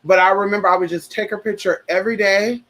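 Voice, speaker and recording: A man's voice: high-pitched, fairly even intonation, fast, a bit bright, low-quality recording. A man hosting a casual livestream chat, sassy and chatty, calling his listeners honey and girl, and turning earnest and heartfelt when he talks about grief. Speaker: livestream host.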